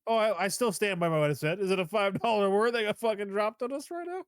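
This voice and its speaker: A man's voice: high-pitched, animated, fast, clear, resonant tone, dry recording, studio quality. A young man co-hosting a casual movie review chat, laughing often and swearing freely. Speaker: podcast co-host.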